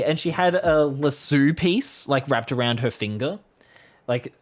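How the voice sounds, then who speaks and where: A woman's voice: very deep voice, a little slow. A young adult woman casually telling a rambling personal story to her vlog audience. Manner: chatty, rambling with fillers. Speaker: vlogger.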